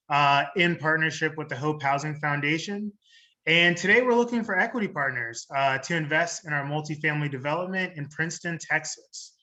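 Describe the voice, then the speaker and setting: Brief: crisp, bright male presenter pitching a deal on a video call. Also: muffled recording. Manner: relaxed, joking while setting up.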